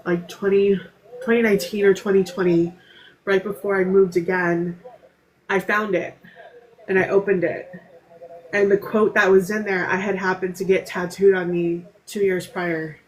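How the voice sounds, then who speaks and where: Halting, flat-voiced woman sharing her story. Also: mid-range voice, slight background noise, rough recording. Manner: halting, frequent fillers and restarts. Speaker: podcast panel guest. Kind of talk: candid personal storytelling.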